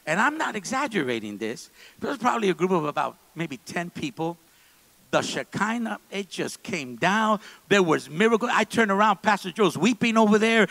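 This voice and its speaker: Fervent preacher man, soft to booming. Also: very animated, moderate pace, creaky, dry recording, low-quality recording. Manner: swings from soft, low asides to loud, fervent preaching. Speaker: pastor. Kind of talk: preached sermon with storytelling. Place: church service.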